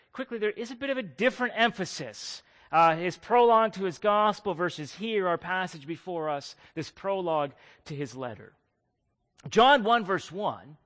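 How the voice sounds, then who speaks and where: A male pastor preaching a sermon, animated and emphatic, putting questions to his congregation. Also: high voice, big-room sound. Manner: animated preaching with wide swings in loudness, asks the congregation questions.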